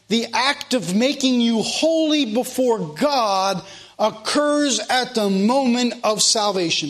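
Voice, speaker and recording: A male preacher with a notably high voice delivers a sermon. He talks emphatically and repeats himself, piling up rhetorical questions for the congregation. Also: fairly bright tone.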